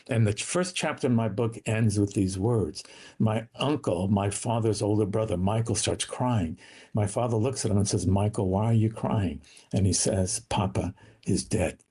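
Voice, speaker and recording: A man, a guest author, telling his family's story in an interview with emotional, dramatic pacing, slowing and dropping his voice for quoted lines. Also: lowish voice, a little mellow, breathy edge.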